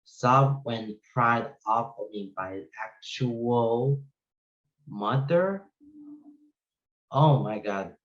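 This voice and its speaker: A man's voice: medium pitch, extremely slow, long pauses, a bit bright, highs cut off. A man reading creepy stories aloud and reacting to them, musing to himself with exclamations and puzzled questions. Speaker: reaction video host.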